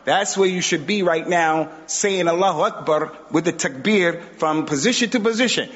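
A man's voice: on the high side, moderate pace, a bit bright. A man giving an emphatic religious lesson in a mosque, exhorting his audience. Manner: emphatic, exhorting, acts out quotes. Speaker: Islamic teacher. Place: mosque hall. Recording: dull sound with long hall reverb.

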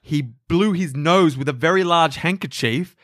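A man's voice: fairly high pitch, moderate pace, no room sound, studio quality. A man, co-hosting a podcast and casually retelling history with jokes and fillers. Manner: animated, jokey, with frequent fillers and playful voices. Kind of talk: casual storytelling chat.

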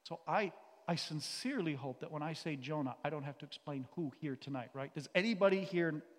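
A man with a high voice preaches a sermon in a hall. He speaks with passion, with sudden loud outbursts that give way to quiet, earnest passages. The hall's long reverb trails after his words. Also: a little fast. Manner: impassioned, shifts between loud outbursts and quiet earnest stretches. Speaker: teacher and pastor. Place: church or hall.

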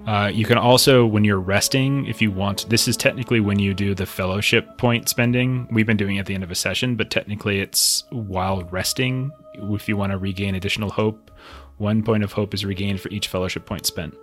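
Low-voiced man running a tabletop game. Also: fairly even intonation, a little fast, fairly bright tone, faint music behind. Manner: loose, meandering descriptions with many fillers. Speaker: game master.

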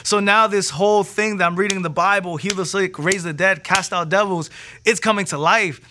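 Animated man telling his testimony. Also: high-pitched, a little fast, a little hiss or hum. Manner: animated, acts out quoted voices, repeats words when excited; slangy and casual. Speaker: preacher. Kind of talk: personal testimony storytelling.

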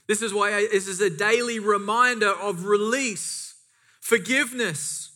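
Guy preaching a sermon, high bright voice, repeats his points hard. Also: fairly even intonation, a little slow. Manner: preaching with emphatic repetition and asides. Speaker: pastor.

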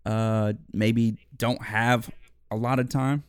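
A man's voice: medium pitch, level tone, takes it slowly, clean tone, no room sound, clean studio sound. A man hosting a casual interview, reacting briefly and encouragingly to his guest. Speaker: interviewer host.

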